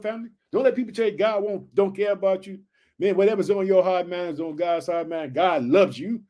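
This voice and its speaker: A man preaching with high energy, reading Bible verses aloud and riffing on them, repeating his catchphrases and questions to listeners. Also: a little mellow. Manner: reads verses aloud then riffs on them. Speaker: preacher teaching scripture.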